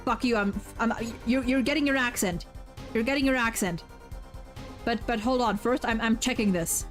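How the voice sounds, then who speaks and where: Young woman streamer, slightly high pitch, loose and profane, repeats words while thinking aloud; soft game music underneath. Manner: swears freely, stammers and repeats words. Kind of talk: casual gaming commentary while voicing game dialogue.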